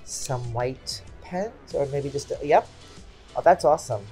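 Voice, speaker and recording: A woman in her forties hosts a craft channel, unboxing gifts at home while chatting casually and exclaiming often. Her voice is very deep, dark and expressive, unhurried, with faint music in the background.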